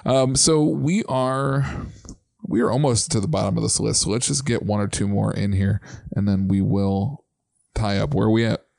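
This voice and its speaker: A man hosting a casual podcast chat, relaxed and full of ums, now and then singing chant lines. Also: fairly low pitch, moderate pace, gravelly, no room sound, studio quality. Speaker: podcast host.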